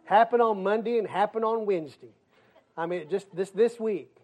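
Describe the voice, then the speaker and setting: An older male pastor delivering a sermon in a high voice. He talks with emphasis, moving between soft asides and sudden loud outbursts. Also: moderate pace. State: crying.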